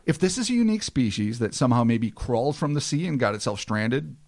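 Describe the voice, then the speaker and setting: A man's voice: mid-range voice, lively intonation, quick pace, darkish tone. A man co-hosting a podcast in casual banter, sarcastic and swearing freely. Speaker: podcast host.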